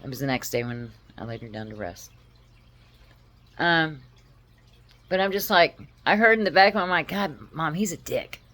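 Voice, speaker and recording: Low-voiced woman telling a heartfelt story. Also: a bit bright. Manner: heartfelt, halting, with frequent pauses and restarts. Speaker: vlogger. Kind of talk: personal storytelling to camera.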